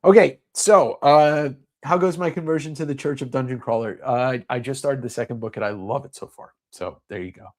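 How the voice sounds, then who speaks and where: A man's voice: mid-range voice, fairly quick, darkish tone. A man hosting a comic sale livestream in casual sales chat, rambling with lots of fillers.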